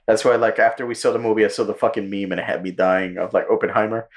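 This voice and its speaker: A man co-hosting a podcast, casually retelling a movie plot with lots of swearing and quick character voices. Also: on the low side. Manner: profane, animated storytelling with quick character impressions. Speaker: podcast co-host.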